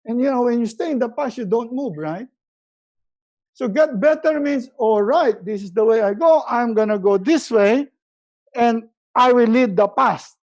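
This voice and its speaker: A man with a Filipino accent giving a motivational webinar talk as a resiliency coach, emphatic and repeating key words, often dropping his voice low and soft to stress a point. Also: moderate pace, lo-fi sound. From Philippines.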